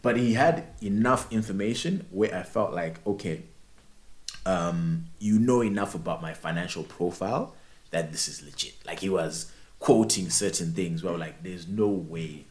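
A young man, chatting casually and telling animated stories with frequent laughs and restarts. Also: sits low, moderate pace. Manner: animated storyteller, laughs often, many restarts. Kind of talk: casual chat.

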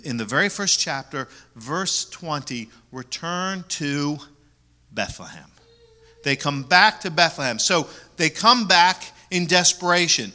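A pastor delivers a sermon in a fairly high voice, repeating key words for emphasis. He shifts between loud, stressed lines and soft asides.

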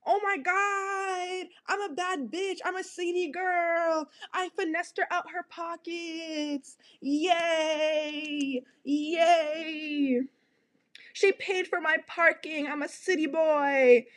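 A woman's voice: very high-pitched, fairly even intonation, slow pace, a bit bright, heavily acted. A woman putting on a mocking voice of a sassy, gossipy young man who squeals and giggles.

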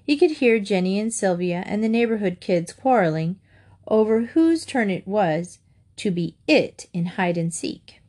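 A woman reading a children's chapter book aloud, narrating in a gentle, even way. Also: mid-range voice, unhurried. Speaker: storyteller.

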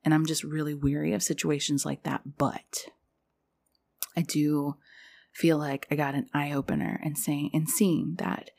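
Podcast host: young woman, low gravelly voice, loose confessional rambling. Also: flat delivery, a little slow, a little mellow. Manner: rambling, confessional, heavy use of "like". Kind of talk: casual spiritual podcast monologue.

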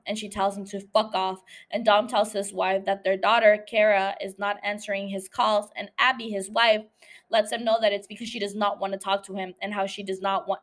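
Woman podcaster doing a casual episode recap, swears a lot, laughs easy. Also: medium pitch. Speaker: podcast host.

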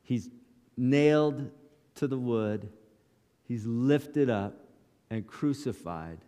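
A man's voice: mid-range voice, takes it slowly, dark tone, smooth, in a large hall. A male pastor preaching a sermon in short, dramatic, emphatic lines.

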